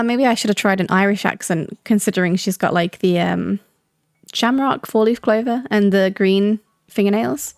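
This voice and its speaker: A young woman reading a visual novel aloud, calm and steady, with self-deprecating asides. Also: mid-range voice, normal speed, no room sound, studio quality, faint music behind.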